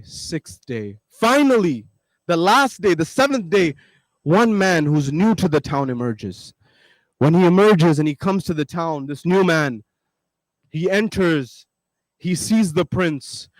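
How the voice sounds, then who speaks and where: A male preacher tells a parable-like story to a congregation, repeating phrases for emphasis and calling out to his listeners. His voice is high for a man, and the recording is dry and close with no room sound. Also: no echo, poor audio. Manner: emphatic, repetitive, addresses listeners directly. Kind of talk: storytelling sermon.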